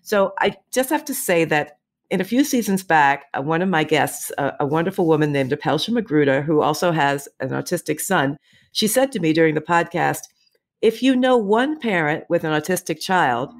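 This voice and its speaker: A woman's voice: low voice, lively intonation, brisk. A middle-aged woman hosting a podcast interview, encouraging and affirming, laughing easily. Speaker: podcast host.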